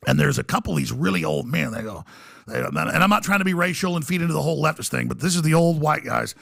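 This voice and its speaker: A man guest on a podcast, telling a story in an excitable way, stumbling and restarting and acting out what people said. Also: a little high, fast talker, creaky. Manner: excitable, many restarts, acts out quotes. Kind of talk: animated storytelling.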